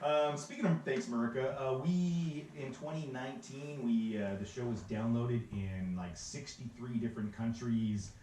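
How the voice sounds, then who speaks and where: A man's voice: mid-range voice, moderate pace, few pauses, dark tone, recorded from a distance, slight background noise. Brief: man podcast co-host, Southern Californian accent, loose rambly delivery, recorded off-mic in a roomy space with faint ambience. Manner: rambling, many fillers and restarts. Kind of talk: casual chat.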